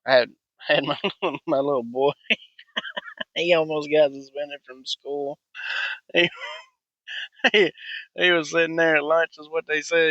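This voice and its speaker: A man rants bluntly and profanely, rambling from point to point. His voice is bright and forward and sits a little high. It is recorded dry, with a dull, lo-fi sound. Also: dry recording. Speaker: podcast host. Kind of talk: ranting monologue.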